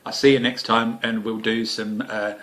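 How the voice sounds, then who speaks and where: Essex bloke, homebrew vlog host, lowish voice, cheeky jokey delivery. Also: male voice, flat delivery, normal speed, fairly bright tone. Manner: cheeky, jokey, lots of fillers and swearing. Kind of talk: casual chat to camera.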